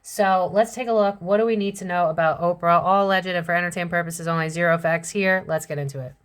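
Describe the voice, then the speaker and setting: A woman's voice: on the low side, fairly even intonation, fast. Young woman doing a tarot reading, talks casual and blunt, lots of slang. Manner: chatty and blunt, with slang and swearing. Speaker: psychic tarot reader.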